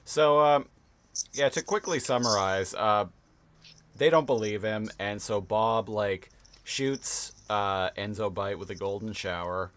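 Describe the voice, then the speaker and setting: A man co-hosting a podcast, summarizing a cartoon plot in a relaxed, casual way with filler pauses. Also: lowish voice. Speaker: podcast co-host. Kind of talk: casual chat recapping a cartoon episode.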